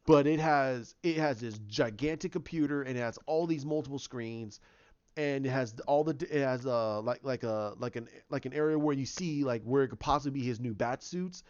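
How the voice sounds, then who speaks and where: A man's voice: medium pitch, moderate pace, darkish tone, clear, resonant tone, lo-fi sound. A man casually retelling his own movie idea, rambling with lots of restarts and fillers. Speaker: fan pitching a movie idea.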